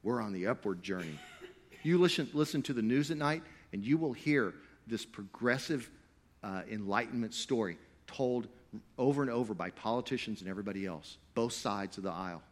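A man preaching a sermon to a live congregation. He swings between loud, emphatic stretches and quiet asides, and he jokes with the crowd. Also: fairly low pitch, lively intonation, brisk. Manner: playful, jokey with the crowd. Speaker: pastor.

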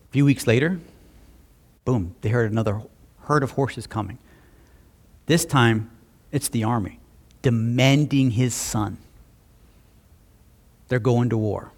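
Man preaching an animated sermon. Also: mid-range voice, takes it slowly, long pauses. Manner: animated storytelling with asides. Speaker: pastor.

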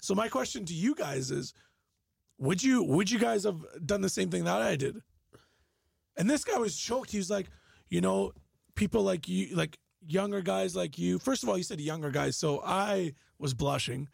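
A man with a strongly gravelly, husky voice sits at a podcast mic. He tells an animated, profane story and keeps pushing to finish it. His voice sits fairly high, and the sound is close and dry. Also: normal speed, no room sound. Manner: animated storyteller, swears freely, insists on finishing. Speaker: podcast panelist telling a story. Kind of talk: casual podcast banter.

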